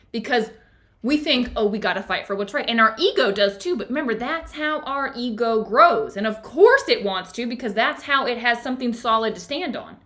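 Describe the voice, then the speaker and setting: A woman's voice: medium pitch, a bit bright. A woman hosting a book club discussion in a conversational way, reading passages aloud and often checking in with her listeners.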